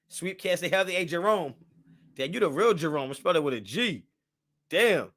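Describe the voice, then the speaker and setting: A man's voice: on the high side, lively intonation, measured pace, a bit bright. A man hosting a casual live stream, reacting to viewer comments in loose, slangy talk. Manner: loose and slangy, talks back to chat. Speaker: livestream host.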